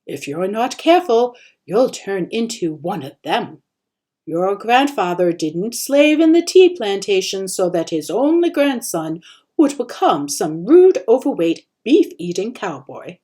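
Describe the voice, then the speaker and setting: A woman reading aloud gives voice to a proud old grandmother, stern and insistent as she scolds. The voice stays mellow and soft-toned, rising with a firm, lifted loudness. It sounds like a storybook read aloud. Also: mid-range voice, very animated, unhurried. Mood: scolding.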